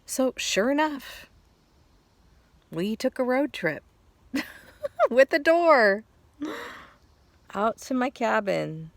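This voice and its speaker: A woman's voice: on the high side, animated, slow pace, vocal fry, long pauses, no room sound. A middle-aged woman casually telling a personal story, rambling and restarting her sentences, heartfelt and close to tears at times. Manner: rambling, restarts sentences, laughs between thoughts. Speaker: vlogger.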